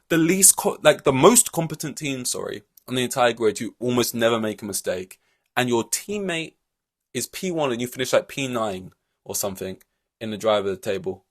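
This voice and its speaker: A man hosting a solo podcast, ranting in an exasperated, rambling way with many fillers and restarts. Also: medium pitch. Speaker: podcast host.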